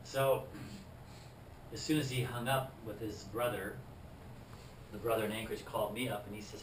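A man telling a personal testimony story and acting out the scenes in a lively way. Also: fairly low pitch, normal speed, pauses often, noisy background. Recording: roomy, distant mic.

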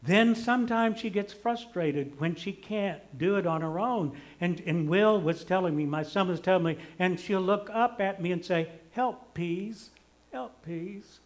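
An older man preaching a conversational sermon, homey and self-deprecating, swinging between emphatic lines and hushed ones. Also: sits high, moderate pace, few pauses. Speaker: pastor.

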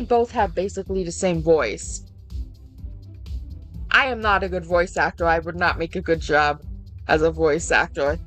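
A woman's voice: fairly low pitch, steady tone, normal speed, pauses often, soft background music, poor audio. A woman playing a game and commenting casually, joking and self-mocking. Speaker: game player. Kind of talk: casual let's play commentary.

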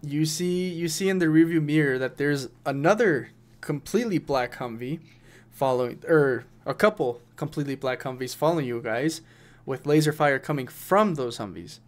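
A man runs a casual tabletop game as game master, rambling through the scene with plenty of swearing. His voice sits a bit high for a man. He laughs at his own narration now and then. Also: moderate pace.

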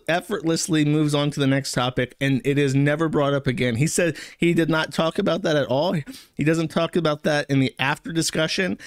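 A man's voice: a little high, dry recording, clean studio sound. A man giving casual, sarcastic commentary, rambling and crude. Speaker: streamer commentator.

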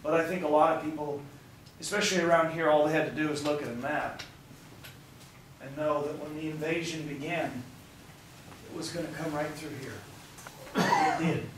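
A hoarse man working as a tour guide, talking emphatically and with preacher-like passion to a group outdoors at a historic site. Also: on the high side, steady tone, moderate pace, long pauses, background noise. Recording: distant, echoey outdoor recording.

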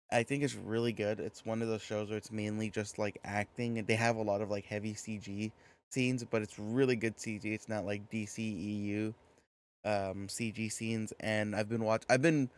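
Chatty low-voiced male podcast host. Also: steady tone, moderate pace. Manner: chatty, tangent-prone, filler-heavy. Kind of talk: casual podcast chat.

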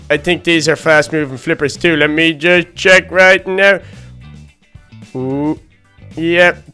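A childlike, easily flustered baby duck, voiced by a man talks himself through a Minecraft role-play, full of "oh, gosh" exclamations. The voice sits a touch high, bright and very clean. Faint music plays underneath. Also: clear, resonant tone. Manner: rambling self-talk full of "oh, gosh" exclamations. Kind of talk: game role-play narration.

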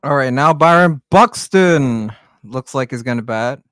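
Male amateur play-by-play streamer, smooth clear voice in a dry room, excitable and jokey. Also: mid-range voice, a little slow, no echo. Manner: excitable, jokey, swears, shouts on big plays. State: out of breath. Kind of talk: live amateur play-by-play commentary.

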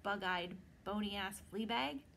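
A woman's voice: medium pitch, slow, gravelly, a bit bright, slight background noise. A woman voicing a rude tiny male pixie who sneers and hurls insults. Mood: snarling.

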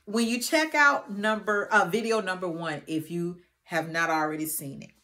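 A woman's voice: on the low side, moderate pace. A woman hosting a Christian finance channel, speaking to her viewers in a familiar, folksy way and leading them in prayer and scripture reading. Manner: warm familiar address to viewers, folksy and preacherly; reads scripture aloud and prays earnestly. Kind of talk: casual faith-based teaching and prayer.

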